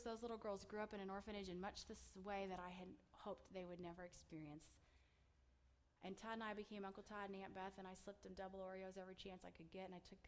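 Fast-talking woman telling her story. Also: mid-range voice. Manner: animated storyteller, acts out her own excited quotes. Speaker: speaker sharing her testimony. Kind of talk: personal testimony talk.

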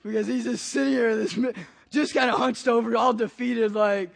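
High-voiced man preaching through a story. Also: moderate pace, vocal fry. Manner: animated, conversational storyteller. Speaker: pastor. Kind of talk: sermon with personal storytelling.

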